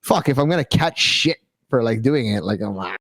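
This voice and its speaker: A man's voice: mid-range voice, a little fast, no echo. A man co-hosting a podcast, telling crude stories in casual chat, cursing freely and filling his talk with "like". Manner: animated, profane storytelling full of "like". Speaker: podcast co-host.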